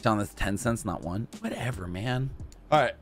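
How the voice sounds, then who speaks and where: A young man giving casual gameplay commentary, talking to himself and to in-game customers, swinging from mumbles to shouts. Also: on the low side, expressive, moderate pace, soft background music. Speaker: gaming YouTuber.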